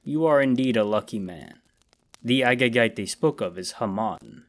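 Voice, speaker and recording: A man voicing a grim, weary ancient immortal in a horror story, with a deep voice and slow, somber delivery. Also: animated, lightly acted. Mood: grave.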